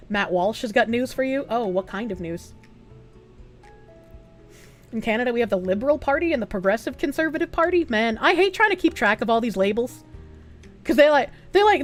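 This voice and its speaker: A young woman with a Boston accent, chatting bluntly and with plenty of profanity as she reads out her stream chat. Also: sits high. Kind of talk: casual livestream chat.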